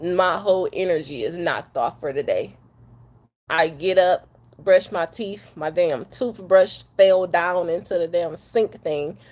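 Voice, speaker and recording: A woman's voice: fairly low pitch, measured pace, darkish tone. Young woman trucker from detroit ranting straight into the camera, upset and cussing, keeps repeating herself. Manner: blunt, cussing, repeats itself. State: upset after crying. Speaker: truck driver vlogger. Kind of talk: emotional rant to camera.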